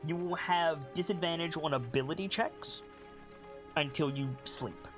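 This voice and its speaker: A man's voice: a little high, unhurried, fairly bright tone, soft background music. A man narrating as game master for a tabletop game, in a loose, rambling way. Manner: rambling, loose, filler-laden.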